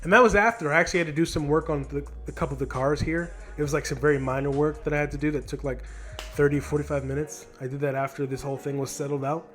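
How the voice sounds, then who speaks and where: A man's voice: a little high, fairly even intonation, quick pace, fairly bright tone, faint music behind. Frustrated 20-year-old man venting on a handheld mic. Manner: frustrated, rambling, heavy swearing with many restarts. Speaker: vlogger telling a story. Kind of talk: casual storytime monologue. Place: home recording studio. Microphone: handheld microphone.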